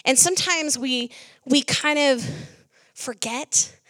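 A middle-aged woman preaching a sermon, telling a lively story and quoting herself with animated jumps in her voice. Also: high voice, slow, no room sound.

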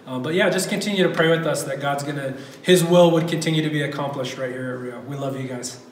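A man's voice: on the high side, fast, a little hiss or hum. Male campus pastor, casual and eager, lots of ums, heard from afar in a reverberant hall. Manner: casual, enthusiastic, many fillers. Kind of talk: church report. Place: church hall. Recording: echoey room from a distance.

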